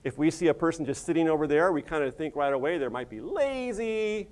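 A middle-aged man from the United States preaching to a congregation. He talks in a chatty, folksy way, tossing in asides as he goes. His voice sits a little higher than most men's. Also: lively intonation, a little fast, darkish tone. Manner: conversational, folksy, with asides like "you know". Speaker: pastor and missions director. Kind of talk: sermon.

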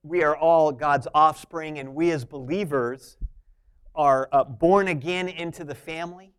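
A man preaching a sermon, moving between soft, intimate asides and loud, emphatic points. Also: on the high side, a little slow, clear, resonant tone. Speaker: pastor.

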